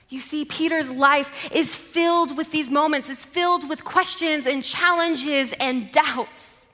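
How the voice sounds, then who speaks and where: A woman preacher giving a sermon, retelling a story dramatically, moving between vivid passages and hushed ones. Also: high voice, a little slow, big-room sound.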